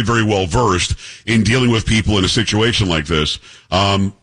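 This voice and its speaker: A low-pitched, husky male talk radio host delivering opinionated commentary. He talks in a mocking, sarcastic way, jabbing at the people he covers. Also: a bit bright.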